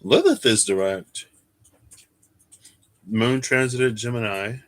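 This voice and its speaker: A man's voice: medium pitch, very animated, slow pace. A man, a tarot reader on a livestream, chatting casually, sleepy and often excusing his yawns as he thinks aloud and reads chat. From United States. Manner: thinks aloud while searching and reading chat. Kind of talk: casual live stream chat.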